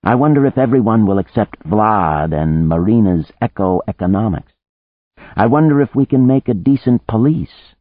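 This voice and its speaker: Low, quiet and unhurried, this older woman speaks with a light Russian accent and an easy calm, as a male reader puts her on. The voice sits deep but moves with lively inflection, heard through a dry, narrow, phone-like recording. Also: no room sound.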